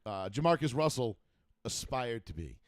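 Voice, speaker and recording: A man hosting a casual sports talk show, rambling and profane, with fast banter. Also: mid-range voice, very animated, no room sound. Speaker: host.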